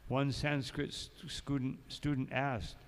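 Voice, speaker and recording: A man's voice: medium pitch, level tone, slow, smooth. A man giving a morning sermon as a monk, telling stories and breaking in with asides. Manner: storytelling, reads passages aloud then adds asides. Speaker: monk lecturer. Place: temple hall. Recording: long echoing hall.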